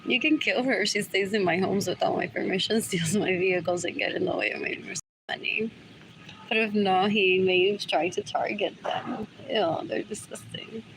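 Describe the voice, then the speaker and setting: A woman's voice: mid-range voice, normal speed, creaky, noisy background. A woman talking alone on a livestream, rambling and muttering, repeating herself and switching languages mid-sentence. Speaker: livestream host. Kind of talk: rambling solo livestream talk.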